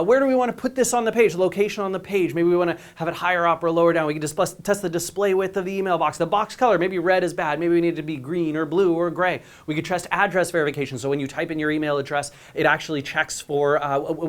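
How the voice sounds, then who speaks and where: A man speaking on stage at a conference in an energetic presenting style. He often turns to the audience with "right?" and repeats his words as he restarts a thought. He sounds like a company chief explaining an idea to a crowd. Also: a little high. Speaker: company CEO giving a conference talk.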